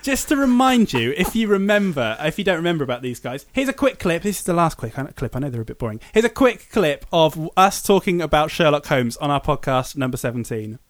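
A man's voice: on the high side, very animated, brisk, hardly any pauses. A man hosting a comic podcast, jokey and often laughing. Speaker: podcast host.

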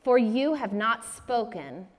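A woman giving a sermon-style teaching talk, acting out the quoted lines with lively changes of voice. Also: a little high, slow. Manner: acts out quotes with shifting voices. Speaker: speaker at a church breakout session. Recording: long reverb in a large room.

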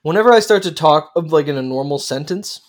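A man's voice: on the high side, animated, fast talker. A man hosting a casual movie discussion, rambling with many fillers and restarts.

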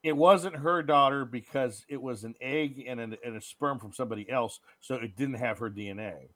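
A man co-hosting a casual movie-review chat, retelling scenes and acting out characters' lines. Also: moderate pace. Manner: animated, acts out characters' lines in high voices. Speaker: podcast co-host.

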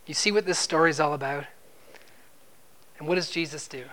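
A man's voice: on the high side, moderate pace, sharp tone. Conversational male preacher asking questions. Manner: conversational, asks the listeners questions; repeats words when stressing a point. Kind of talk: expository sermon.

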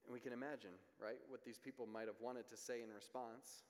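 A man preaching a sermon in an earnest way. He grows more intense on key points and drops to quiet asides. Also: mid-range voice, fairly even intonation, a little fast, few pauses, long reverb tail.

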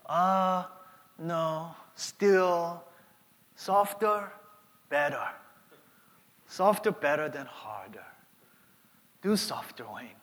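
Soft old Korean-accented father, halting and quiet, as a pastor puts him on. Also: a little high, animated, big-room sound, heavily acted. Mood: gentle. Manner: halting, quiet, few words. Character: gentle elderly Korean father, soft-spoken.

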